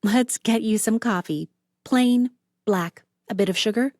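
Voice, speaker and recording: A cheerful, talkative young barista with a bright, brash manner, put on by a woman reading aloud. The voice sits above the reader's usual low register, quick to bounce along. Recorded close and dry, with no room around it. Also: no room sound, close to an everyday voice. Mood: bubbly.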